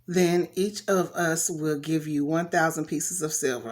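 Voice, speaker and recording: A woman's voice: low-pitched, steady tone, a little slow. A woman reading a Bible story aloud in a casual way, stopping to comment on it in slangy asides. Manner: chatty, talks back to the story with slang asides.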